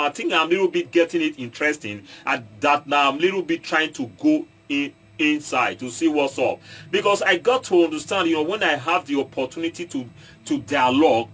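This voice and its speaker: Nigerian guy w edo accent, kinda high voice, talks to his viewers, keeps restarting and checking they follow. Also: fairly bright tone. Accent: Nigerian, Edo State. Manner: halting, repeats and restarts, mixes in Pidgin, asks viewers if they follow. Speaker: online commentator and entertainer. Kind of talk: casual monologue to viewers.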